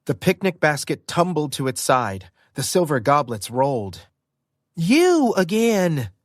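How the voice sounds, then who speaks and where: Reading a first-person audiobook, this male narrator brings an expressive storytelling style to a moderate pace and mid-range voice. The sound is dry and studio quality.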